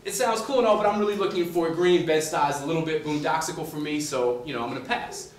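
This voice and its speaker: A man from the Boston suburbs tells a story to a class in a lively, conversational way, full of "you know" and "um". His voice sits a bit high for a man. He is picked up from across an echoey classroom, with faint room ambience behind him. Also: quick pace, distant mic, slight background noise. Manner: animated, conversational, many fillers. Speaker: author speaking to a class. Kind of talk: humorous storytelling lecture. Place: university classroom.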